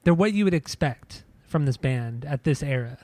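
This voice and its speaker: A man's voice: mid-range voice, animated, normal speed, dark tone, no echo. A man co-hosting a podcast, talking casually about music in a rambling way with many restarts. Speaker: podcast co-host. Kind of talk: casual chat.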